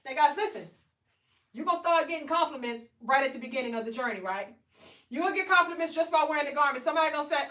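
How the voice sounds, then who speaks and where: Selling shapewear on a livestream, this woman talks very fast in a high, fairly bright voice. She runs a live product demo, coaxing and chatting with her audience and checking in on them often. She sounds distant from the microphone, with noticeable room echo.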